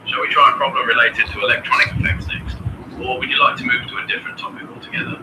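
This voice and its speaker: A man's voice: mid-range voice, fairly even intonation, fast, reverberant, far from the mic, background noise. A computer voice of a man acting as a chemistry tutor, polite and formal as he quizzes a student.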